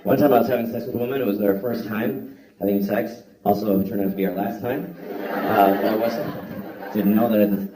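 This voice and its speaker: A man doing a stand-up comedy set, talking in an animated way and sometimes breaking into loud mocking voices. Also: on the low side, fairly quick. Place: large hall with live audience. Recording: echoey hall, mic far off, crowd. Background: audience laughter.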